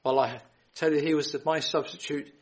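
A man preaching a gospel sermon, earnest and pleading, quoting scripture and often repeating phrases and clearing his throat. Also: on the high side, steady tone, brisk, rough recording.

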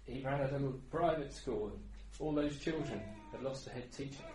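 A middle-aged man preaching a sermon, moving between quiet personal storytelling and loud, fervent exhortation. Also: medium pitch, moderate pace, music in the background. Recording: echoey room, heard from a distance, background noise.

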